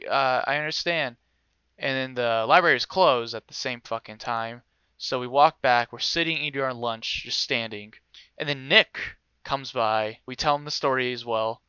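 A young man casually telling a story, animated and swearing freely, acting out other people's voices. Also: mid-range voice, moderate pace, clear, resonant tone, no room sound, muffled recording.

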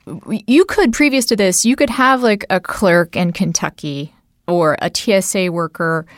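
A woman hosting a podcast, chatting about politics in an animated way with frequent asides. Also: on the low side, moderate pace, no room sound, studio quality. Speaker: podcast host. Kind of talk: casual political conversation.

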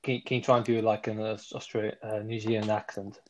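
A man's voice: on the low side, flat delivery, brisk. A man co-hosting a podcast, reviewing films in casual chat, enthusiastic and rambling, correcting himself as he goes. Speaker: podcast co-host.

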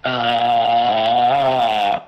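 A man's voice: mid-range voice, flat delivery, extremely slow, poor audio. A man playing a tabletop game, chatting casually and laughing easily. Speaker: player.

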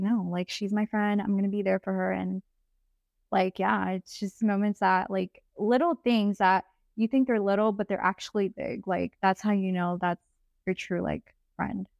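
A young woman with a medium-pitched, creaky, slightly mellow voice hosts a casual podcast chat with a friend. She tells stories animatedly, quoting both herself and her friend, and laughs often. The recording has no echo but sounds dull and lo-fi.

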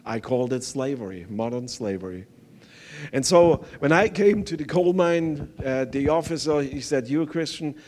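A visiting pastor, an older man with a German accent, earnestly recounts his testimony in a sermon. His mid-range, darkish voice carries hesitant English with frequent fillers.

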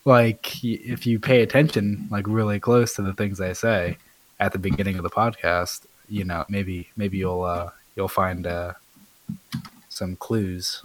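Slow, teasing low-voiced man. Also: little pitch movement, dry recording, rough recording. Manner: teasing, playfully cryptic. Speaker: podcast co-host. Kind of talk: casual podcast chat.

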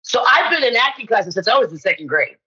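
A woman in her fifties, an actress guest on a podcast, telling personal stories in an animated way and acting out the voices of people she quotes. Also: a little high, fast talker, dull audio. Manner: animated storyteller who acts out quoted voices. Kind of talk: personal storytelling in conversation.

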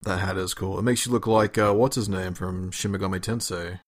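A man's voice: low-pitched, fairly even intonation, a little fast. A man co-hosting a casual gaming podcast, chatty and enthusiastic in fan banter. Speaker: podcast co-host.

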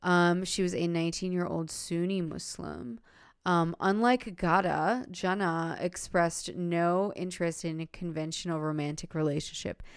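A woman's voice: fairly low pitch, fairly even intonation, a little slow, smooth, dry recording, studio quality. A woman hosting a podcast who tells a story in a rambling, casual way, with lots of fillers and laughter. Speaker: podcast host.

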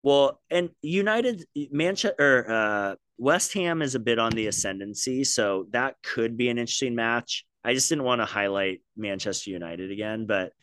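A man's voice: mid-range voice, normal speed, few pauses, fairly bright tone, clear, resonant tone, dry recording. A man co-hosting a podcast, chatting casually in an upbeat, teasing way. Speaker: podcast co-host. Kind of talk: casual chat.

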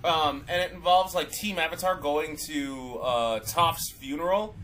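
A man's voice: fairly high pitch, a little slow, a bit bright, slight background noise, low-quality recording. A man co-hosting a casual podcast chat, rambling with lots of fillers and restarts. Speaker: podcast co-host.

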